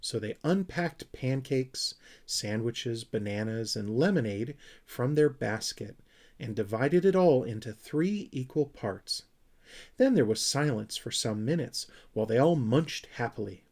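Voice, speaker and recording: A man narrating a children's storybook with a gentle, expressive reading. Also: medium pitch, measured pace. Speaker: audiobook reader.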